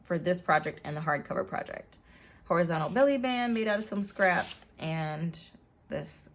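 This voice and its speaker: Low-voiced woman narrating a craft flip-through. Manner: relaxed, with frequent ums and self-corrections. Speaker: crafter showing her handmade journal.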